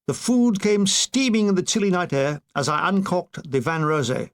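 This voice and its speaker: A man's voice: sits high, sing-song, moderate pace. An older man reading his own war memoir aloud, with dry comic timing. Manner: dry comic delivery with brief put-on voices. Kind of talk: audiobook narration.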